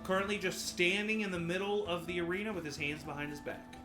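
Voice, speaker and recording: A man's voice: sits high, fairly even intonation, fast. A man narrating a tabletop game as game master, with many ums and uhs and easy laughter. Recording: faint music in the background.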